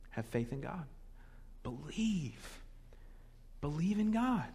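A man preaching a sermon in a lively, conversational way with humorous asides, recorded with long hall reverb. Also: a little high, slow, pauses often, husky. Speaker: pastor.

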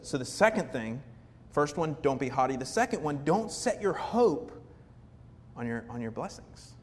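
A man, a pastor, giving a conversational, animated sermon in a church hall. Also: a little high, a little hiss or hum. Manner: conversational, animated preaching with quoted asides. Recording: reverberant hall with faint ambience.

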